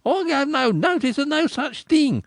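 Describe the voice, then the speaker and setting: A man voicing a blustering country town crier who scolds and shouts in a rustic dialect. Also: very high voice, lively intonation, moderate pace, no echo, studio quality, voice pushed up. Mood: indignant.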